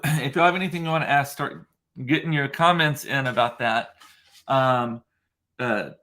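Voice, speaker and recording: A man with a deep, gravelly voice hosting a casual livestream, rambling chattily through viewer comments with plenty of fillers and self-deprecating asides. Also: a bit bright. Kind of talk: casual chat.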